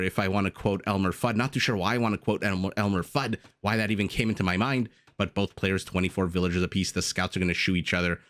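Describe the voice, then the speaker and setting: A man's voice: low-pitched, a bit bright. A young man giving playful, self-deprecating live commentary on a strategy game, with jokey asides. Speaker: game caster.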